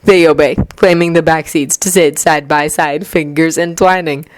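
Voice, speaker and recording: A woman narrating a fan fiction story aloud, with expressive delivery and clearly varied voices. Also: low-pitched, moderate pace, dry recording. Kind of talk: fan fiction audiobook reading.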